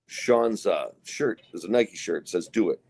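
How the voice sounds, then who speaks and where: A middle-aged man chatting on a podcast, his low voice rising and falling widely as he acts out the people in his story. He swears freely and tells it loosely, like a bar tale. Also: expressive, unhurried, a little mellow, husky. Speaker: podcast co-host. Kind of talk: casual podcast chat.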